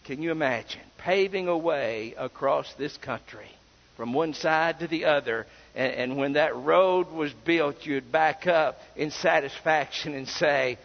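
A man's voice: fairly high pitch, a little slow, creaky. A man preaching a sermon as pastor, driving his points home with repeated rhetorical questions. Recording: dull recording with long hall reverb.

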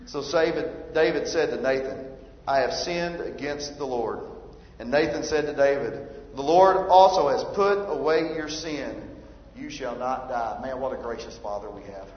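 A man's voice: medium pitch, measured pace. A man preaching a sermon, emphatic and rising in force when he reads scripture. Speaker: pastor. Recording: roomy hall reverb, dull lo-fi sound.

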